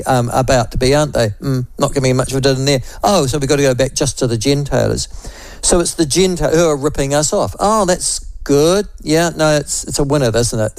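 A man's voice: mid-range voice, darkish tone, dry recording, low-quality recording. A middle-aged man with a New Zealand accent hosting a talk radio show, delivering a combative, sarcastic opinion monologue with frequent asides.

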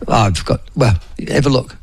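A man's voice: mid-range voice, normal speed, creaky, slightly rough. A man with a New Zealand accent hosting a talk radio show, rambling and chatty, addressing his listeners and co-host by name. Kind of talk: casual radio chat.

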